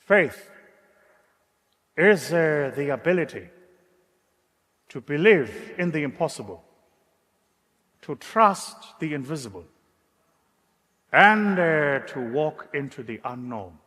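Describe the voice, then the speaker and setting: South African man quoting a slow, fatherly old statesman. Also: fairly high pitch, lively intonation, a bit bright. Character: gentle, wise elderly statesman, slow and warm. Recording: echoey hall.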